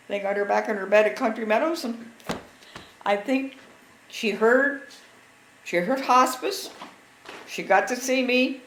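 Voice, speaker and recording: A woman's voice: fairly high pitch, a little slow, pauses often. Woman in her sixties telling a story. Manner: animated, acts out quotes of others. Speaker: interviewee telling family stories. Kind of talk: casual storytelling. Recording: echoey room with faint background noise.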